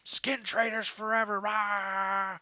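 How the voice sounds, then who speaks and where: A man voicing a big, chained male gang thug who shouts threats and insults. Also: high voice, little pitch movement, slow, dry recording, voice pushed up, exaggerated voice. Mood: furious. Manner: shouting, threatening, trash-talking. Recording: dull lo-fi mic.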